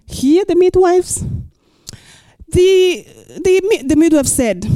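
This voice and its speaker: In a very high voice and at a slow pace, a middle-aged woman pastor preaches expressively, reads scripture, and tosses in playful asides and rhetorical questions. The recording has no echo.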